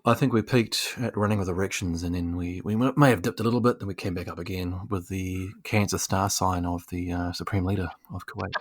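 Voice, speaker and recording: A man's voice: sits low, steady tone, a little fast, hardly any pauses, dry recording, studio quality. A man co-hosting a podcast in casual chat, making wry, laid-back remarks. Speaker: podcast co-host.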